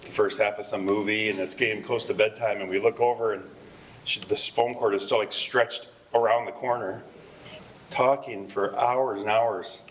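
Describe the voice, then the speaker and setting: A man's voice: fairly low pitch, steady tone, normal speed, a bit bright, a little hiss or hum, rough recording. A middle-aged man telling family stories at a memorial service in a conversational, rambling way. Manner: rambling, conversational, with frequent fillers and laughs. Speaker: eulogist. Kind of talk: memorial speech with anecdotes.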